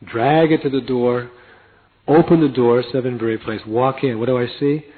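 Husky man telling a story, tinny sound. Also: mid-range voice, fairly even intonation. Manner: acts out other people's lines in quick voices. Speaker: storyteller recounting a devotee memory. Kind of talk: lively anecdotal storytelling. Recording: tinny phone-like lo-fi recording.

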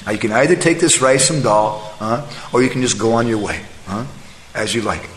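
A man speaking as a devoted, chaste housewife, with a soft but steady manner, in an echoey hall. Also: mid-range voice, a little fast, a little hiss or hum, lightly acted. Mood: firm. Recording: echoey hall, faint ambience.

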